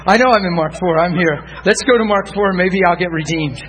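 Man, pastor, sermon storytelling, high voice, bright tone, hushed then loud, laughing. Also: a little fast, poor audio. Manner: laughing, lively anecdotes, swings from hushed to loud. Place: church pulpit.

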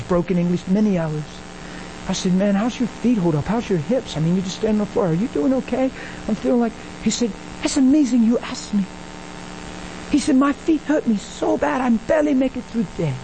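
A high-pitched man delivers a sermon through storytelling, jumping into the voices of the people he describes. His delivery swells in pitch and energy at the key points. A faint hum sits under the recording. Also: a little fast, low-quality recording. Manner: animated, acts out dialogue, rises in pitch when excited. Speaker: preacher.

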